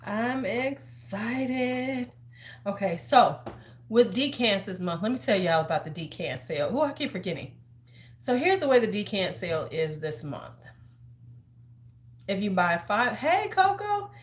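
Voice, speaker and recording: A woman's voice: medium pitch, animated, normal speed, slight background noise. A woman in her fifties hosting a casual livestream from home, chatty and sassy, handing out advice like a big sister. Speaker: host. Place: large room at home. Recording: roomy echo.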